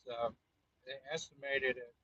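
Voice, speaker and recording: A man's voice: mid-range voice, fairly even intonation, unhurried, pushed and bright, slight background noise. A man chatting casually on a live stream, explaining things hesitantly with restarts. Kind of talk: casual chat. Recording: dull lo-fi sound.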